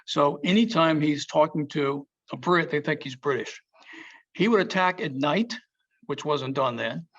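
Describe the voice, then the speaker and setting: Man giving a lively history talk. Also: a little high, a little slow. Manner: storytelling, emphatic, quotes historical figures. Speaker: museum speaker. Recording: dull lo-fi sound.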